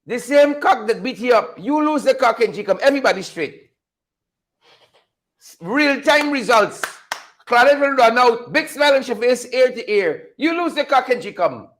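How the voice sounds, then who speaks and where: Male host, high-pitched, unscripted mocking commentary full of laughter. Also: lively intonation, normal speed, a bit bright. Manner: mocking, laughs often, repeats phrases for effect. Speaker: show host.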